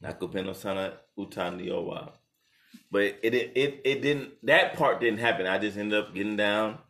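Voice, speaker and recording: A young man casually retelling a story with his partner, animated and laughing, jumping into high voices when quoting people. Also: normal speed. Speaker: co-host telling the proposal story. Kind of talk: casual couple chat.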